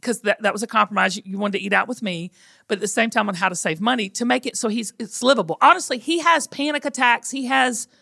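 A middle-aged woman hosts a casual podcast chat with a bright, crisp-edged voice. She tells stories about home life with a teasing, animated delivery. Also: on the high side, fast talker. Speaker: podcast host.

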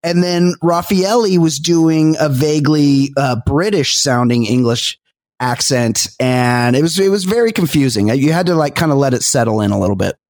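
A man appearing as a podcast guest in casual chat, relaxed and slangy, tossing in quick asides. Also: a little high.

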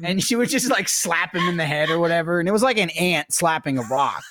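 A man's voice: a little high, animated, brisk, fairly bright tone, no room sound, studio quality. A man co-hosting a podcast, telling stories in a rambling, casual way with lots of fillers. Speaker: podcast co-host. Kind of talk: casual chat.

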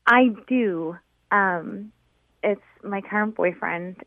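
Woman caller on a tinny phone line, gravelly low voice, chatty and bubbly. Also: takes it slowly, no echo. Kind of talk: phone-in chat.

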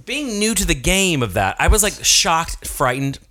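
A man joining a comedy chat as a guest, playful and given to gushing asides. His voice rises and falls a lot and has a bright, forward tone. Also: a little high, big pitch swings, moderate pace.

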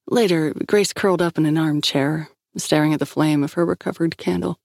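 A woman narrating a fiction audiobook in a measured, even storytelling manner. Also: deep voice, creaky, dry recording, clean studio sound. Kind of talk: scripted narration.

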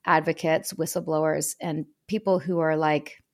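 Woman guest, gravelly low voice, candid and emotional, restarts a lot. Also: little pitch movement, moderate pace. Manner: frequent restarts and fillers. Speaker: podcast guest. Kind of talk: casual interview talk.

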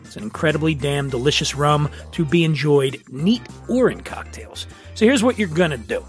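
A man's voice: fairly high pitch, animated, normal speed, faint music behind. A man hosting a podcast and reading sponsor ads in a jokey, rambling, self-mocking way. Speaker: podcast host. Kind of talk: casual ad read.

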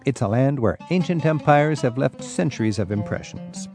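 A man's voice: mid-range voice, expressive, normal speed, music in the background. A man hosting a radio travel show, reading a scripted intro and asking guests curious questions. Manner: curious, upbeat interviewer.

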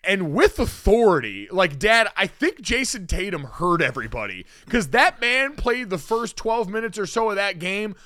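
A young man co-hosting a casual sports talk show, quick and teasing. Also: high voice, very animated, pushed and bright, no echo, clean studio sound. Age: young adult. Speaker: co-host.

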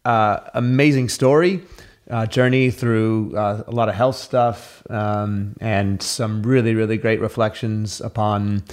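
A man co-hosting a podcast, talking in a relaxed, easygoing way. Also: fairly low pitch, a little slow. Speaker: podcast co-host. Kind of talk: casual podcast chat.

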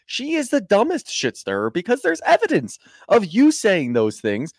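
A man's voice: sits high, wildly swooping pitch, moderate pace, no room sound, clean studio sound. A man co-hosting a casual recap podcast, rambling, profane and exasperated. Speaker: podcast co-host.

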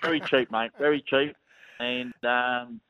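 A man's voice: medium pitch, steady tone, a little slow. A man with an Australian accent calling in to chat about racing, talking in a chatty, matey way. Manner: chatty, matey, keeps saying mate. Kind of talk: casual phone chat. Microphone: phone. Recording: tinny phone line.

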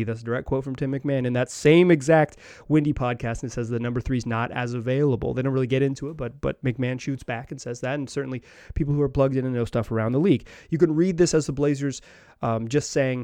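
A man's voice: medium pitch, brisk, warm tone, clear, resonant tone, no room sound. A man hosting a sports podcast, talking casually and rambling with many restarts and fillers. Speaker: podcast host.

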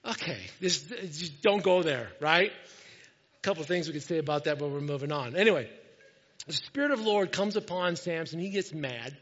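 A man delivers a lively sermon in a high voice, joking with his congregation as he goes. The sound is dull and lo-fi. A long reverb trails each line, as in a large hall. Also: normal speed. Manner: animated, jokey preaching with asides to the congregation. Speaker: pastor.

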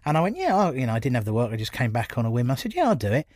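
Middle-aged man, mid pitch, loose anecdotal comic delivery. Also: racing, no room sound, clean studio sound. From England. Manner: animated storyteller, laughs often. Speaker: comedian guest. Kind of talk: casual anecdotal chat.

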